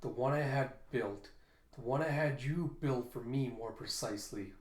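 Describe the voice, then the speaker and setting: A man reading a comic aloud, voicing a cold, commanding older family patriarch in measured speech, in a roomy echo. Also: medium pitch, close to an everyday voice. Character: stern powerful older male patriarch.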